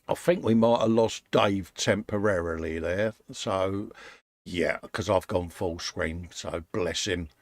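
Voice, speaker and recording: Gravelly, slow-talking British man. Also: low-pitched, no room sound. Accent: British English. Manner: chatty, matey, calls viewers mate and folks. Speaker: live stream host. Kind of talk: casual live-stream chat, reading out viewer comments. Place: home workshop.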